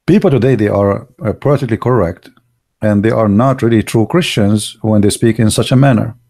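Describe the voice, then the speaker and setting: Speaking briskly in a lowish voice with a darkish tone, this Arab-world man hosts an online show. His opinionated livestream monologue is blunt and emphatic, packed with rhetorical questions, and his grammar is broken and non-native.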